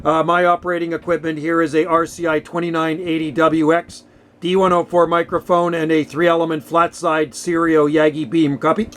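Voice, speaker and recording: This is a ham radio operator from Canada, chatting casually from his radio shack at home with friendly talk full of radio lingo. His fairly high, fairly bright voice shows little pitch movement, and he keeps a moderate pace.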